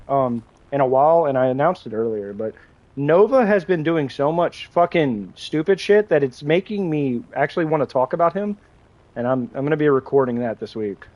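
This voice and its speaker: A man's voice: fairly high pitch, lively intonation, moderate pace, dull audio. A young man livestreaming a game, talking casually with his viewers in a crude, joking, rambling way, with lots of restarts. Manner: crude, joking, chats with viewers while playing; rambling with frequent restarts and laughter. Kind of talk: casual gaming livestream chat.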